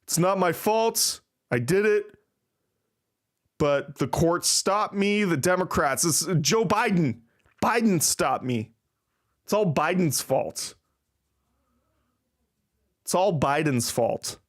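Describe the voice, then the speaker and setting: A man's voice: high voice, lively intonation, slow pace, pauses often, voice pushed up. A man doing a mocking impression of a blustering male politician, whining and repeating himself as he shifts blame. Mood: whiny. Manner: whiny, blame-shifting, repetitive.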